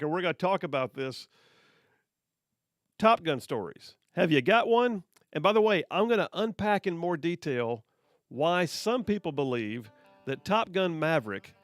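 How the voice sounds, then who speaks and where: A middle-aged man hosting a radio talk show, telling stories in a casual, chatty way with many restarts. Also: on the high side. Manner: chatty, repeats words as he goes. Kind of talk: casual on-air storytelling.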